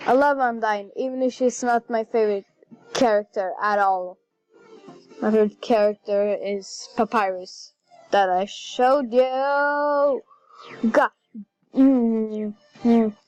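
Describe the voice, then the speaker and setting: A woman chatting casually while playing a video game, excitable and easily flustered. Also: fairly high pitch, slow pace, dry recording. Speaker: gaming channel host. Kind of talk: casual gameplay commentary. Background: faint game music.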